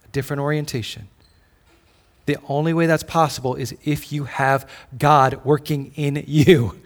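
Recorded in a reverberant church hall, a pastor with a somewhat high, steady voice preaches at normal speed. The sermon feels casual and conversational, with storytelling and short acted-out exchanges of dialogue.

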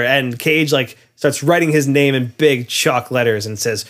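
A man chatting casually about a movie, walking through its plot scene by scene. He talks loosely, leaning on fillers and frequent laughs. His voice sits at an ordinary pitch. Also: moderate pace, few pauses, a bit bright. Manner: rambling, filler-heavy, laughs often. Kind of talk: casual chat retelling a film plot.

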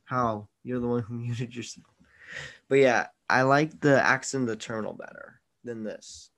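A man's voice: medium pitch, normal speed, a bit bright. Opinionated man reviewing films. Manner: opinionated, teasing, mock-exasperated. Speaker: podcast host. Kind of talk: casual movie review chat.

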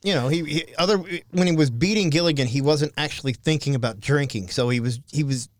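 A man co-hosting a comedy podcast, agreeing along and adding deadpan asides. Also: on the high side, a little fast, dry recording. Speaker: podcast co-host. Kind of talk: crude comedy podcast chat.

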